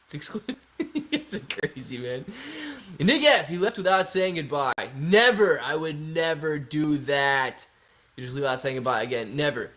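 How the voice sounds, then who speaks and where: A man's voice: a little high, animated, normal speed, fairly bright tone. A young man hosting a casual livestream, joking around and reading viewer comments aloud. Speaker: livestream host.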